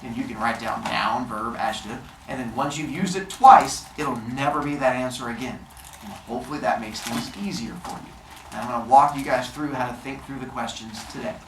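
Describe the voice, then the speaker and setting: A man's voice: mid-range voice, fairly quick. A male teacher walking seventh graders through a quiz step by step, with dry sarcastic asides. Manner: steady step-by-step explaining. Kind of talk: classroom instruction. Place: classroom full of seventh graders. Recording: noisy classroom. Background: student chatter.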